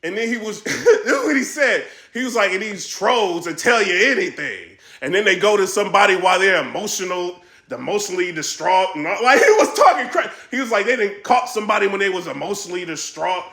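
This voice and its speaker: Man, excited commentary vlog, very animated, echoey room. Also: high-pitched, a little fast. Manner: animated, laughing, quoting others in a raised voice. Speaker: battle rap commentary vlogger.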